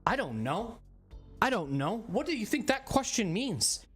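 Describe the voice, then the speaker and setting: A man streaming a game who rants to his viewers in casual chat, swearing often and rambling through an animated story. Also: sits high, unhurried, slightly rough, soft background music.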